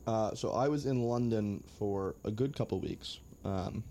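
A man's voice: fairly low pitch, measured pace, dark tone. A young American man telling travel stories in a laid-back, joking way, with some swearing. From United States. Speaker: guest. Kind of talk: casual storytelling.

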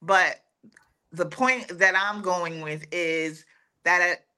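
Bright, earnest woman making her case. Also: on the low side, steady tone, slow pace, clear, resonant tone. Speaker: podcast co-host. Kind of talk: casual reality-TV recap chat.

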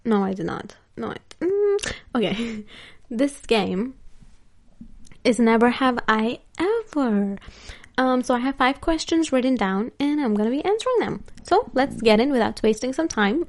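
A woman's voice: fairly high pitch, big pitch swings, moderate pace, darkish tone. A young woman vlogger telling a story in casual chat, laughing often and using lots of filler words.

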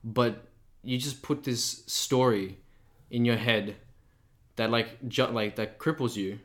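A young man co-hosting a podcast, talking casually and thoughtfully with a croaky, sore voice. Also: mid-range voice, slow, fairly bright tone. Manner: thoughtful, rambling with restarts. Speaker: podcast co-host. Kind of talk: casual chat.

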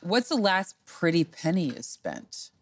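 A woman's voice: fairly low pitch, big pitch swings, a little slow. A woman hosting a casual interview, asking playful lightning-round questions in an upbeat way. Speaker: host.

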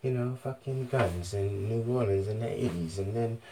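Speaking at a normal pace in a lowish voice, a stage performer rambles through a profane, freewheeling monologue on a handheld mic in an arena. There is background noise.

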